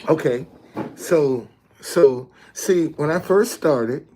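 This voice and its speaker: A street messenger who hosts his own video channel talks casually to viewers in a higher-pitched, warm voice over soft background music. He is unhurried and emphatic, explaining things step by step, repeating himself and checking in with viewers often.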